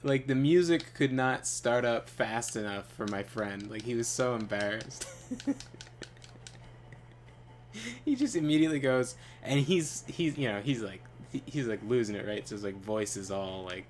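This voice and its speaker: A man's voice: medium pitch, moderate pace, a little hiss or hum. Guy telling a story while he plays, laughs a lot, voice swinging up and down, swears loosely. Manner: laughs often, animated, loose and profane. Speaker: gaming channel co-host. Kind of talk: casual storytelling while gaming.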